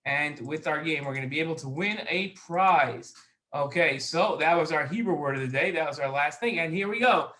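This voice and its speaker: A high-voiced man hosts a children's learning show with an upbeat, eager delivery. His tone is bright and forceful, and he repeats phrases so young viewers can follow. He records it on his own. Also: normal speed. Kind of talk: children's educational show hosting. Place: alone in a recording space.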